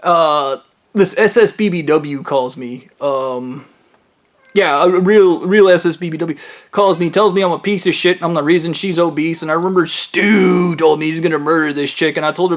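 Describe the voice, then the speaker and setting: A man with a high voice spins a rambling, profane story in monologue, hopping from tangent to tangent. His delivery is loose and swearing-heavy, with quick shifts up and down in loudness.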